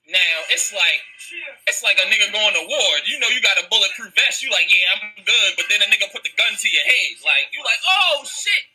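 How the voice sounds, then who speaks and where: A man telling a story as a guest on a casual talk show, excitable and dramatic, bursting into yells and acting out his own panic. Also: high voice, a little fast, slightly rough, low-quality recording.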